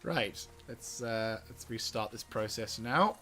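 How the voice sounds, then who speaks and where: A man's voice: fairly low pitch, slow pace, sharp tone, a little hiss or hum. A man giving casual gameplay commentary, giggly and exasperated, swearing often. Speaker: gaming video host.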